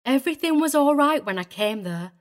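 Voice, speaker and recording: A prim, tearful middle-aged governess, played by a woman in an audiobook drama. She sits a touch high in pitch and talks in an agitated, wavering way, primly proper even when upset. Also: a little fast. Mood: vehement, tearful.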